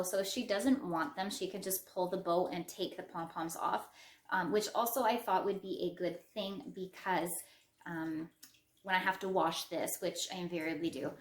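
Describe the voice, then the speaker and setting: A middle-aged woman with a Western Canadian English accent, hosting a crochet podcast in a chatty, rambling show-and-tell manner with self-deprecating asides. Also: on the low side. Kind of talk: casual show-and-tell chat. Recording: roomy echo.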